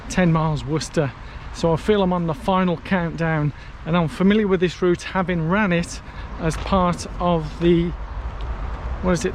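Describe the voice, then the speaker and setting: A fairly high-voiced man vlogs as he walks a long towpath in the heat, chatty and self-mocking, tired from hours on his feet. He thinks aloud with fillers and asides. Faint outdoor noise sits under his voice. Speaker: vlogger on a long charity walk. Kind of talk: casual walking vlog, talking to camera. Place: outdoors on a canal towpath in hot sun.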